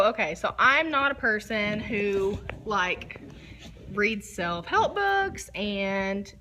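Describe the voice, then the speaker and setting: A woman's voice: fairly high pitch, bright, forceful tone. A woman, a photographer hosting a casual livestream talk from her studio, bubbly, giggly and chatty. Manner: bubbly, giggly and chatty, self-described nervous.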